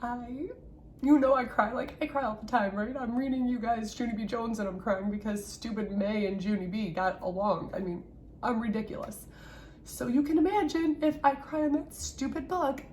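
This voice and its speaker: A woman's voice: a little high, moderate pace, darkish tone, a little hiss or hum. A woman teacher recorded at home, talking earnestly and encouragingly straight to her young students in a farewell message. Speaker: third-grade teacher.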